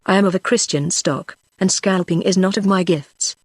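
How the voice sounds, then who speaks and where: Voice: mid-range voice, moderate pace, dry recording, studio quality, close to an everyday voice. A text-to-speech voice reading the lines of a young male frontier hunter who speaks in an earnest, rustic backwoods dialect. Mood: reassuring. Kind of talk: synthetic audiobook reading.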